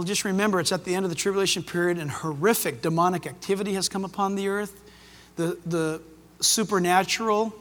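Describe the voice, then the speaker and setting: A man preaching a sermon emphatically, swinging between loud declarations and quiet asides. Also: sits high. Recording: long hall reverb.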